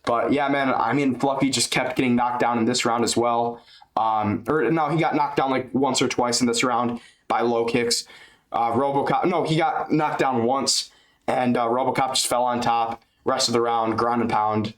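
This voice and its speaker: A man's voice: medium pitch, fairly even intonation, normal speed. A man giving a loose, chatty fight recap on his channel, swearing and dropping man and dude, speaking into a webcam. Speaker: MMA YouTuber.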